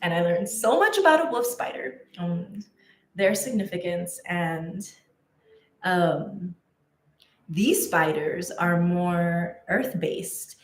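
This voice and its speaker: A woman's voice: lowish voice, lively intonation, slow, roomy sound, soft background music. A woman telling a personal story in a casual, chatty way, with many fillers and restarts. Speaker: spiritual content creator.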